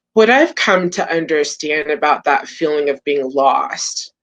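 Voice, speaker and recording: A woman's voice: deep voice, low-quality recording. A woman hosting a podcast interview, musing thoughtfully aloud with many fillers and restarts. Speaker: podcast host. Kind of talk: interview conversation.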